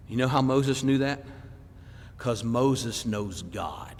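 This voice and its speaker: Animated preacher in a reverberant church. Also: male voice, medium pitch, takes it slowly. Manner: animated, swings between loud emphasis and quiet asides; acts out congregants' voices mid-sermon. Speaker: preacher teaching a Bible class. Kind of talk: sermon. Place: church sanctuary.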